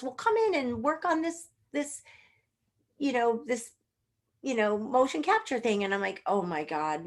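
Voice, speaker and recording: A middle-aged woman with a mid-range voice tells stories with bubbly energy. She puts on voices for the people she quotes. Her talk is animated and expressive. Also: medium pitch. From Northern California. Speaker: guest puppeteer. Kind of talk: animated interview storytelling.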